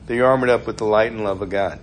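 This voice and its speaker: A man's voice: on the low side, fast talker, a little hiss or hum. Chatty male preacher telling stories. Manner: conversational, storytelling, laughs often. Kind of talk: informal sermon.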